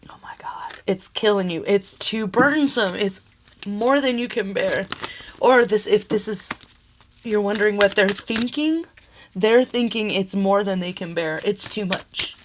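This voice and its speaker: A woman's voice: medium pitch, unhurried, background noise. A young adult woman giving a casual tarot reading, emotional and exclamatory, laughing and tearing up as she talks. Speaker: tarot reader.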